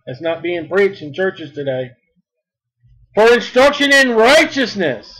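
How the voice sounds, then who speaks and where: A man preaching a sermon, reading scripture slowly and then speaking emphatically. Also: high voice, very animated, a bit bright, poor audio.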